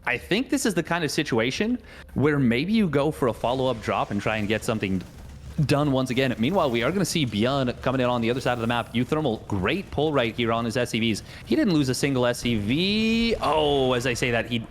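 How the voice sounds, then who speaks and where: A man's voice: medium pitch, lively intonation, brisk, slight background noise. A man casting a live esports match, joking around and thinking aloud as he talks. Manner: playful, jokey, rambling. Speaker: esports caster.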